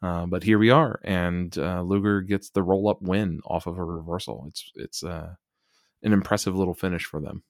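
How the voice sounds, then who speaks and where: A man's voice: low voice, fairly even intonation, normal speed, no echo, clean studio sound. A man co-hosting a casual wrestling podcast, recapping with wry, sarcastic asides. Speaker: podcast co-host. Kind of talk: casual wrestling review chat.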